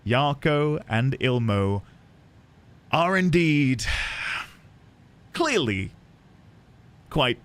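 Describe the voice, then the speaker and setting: A man's voice: medium pitch, animated, extremely slow, pauses often. A man streaming a game, musing aloud playfully as he reads notes and explores. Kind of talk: let's-play commentary.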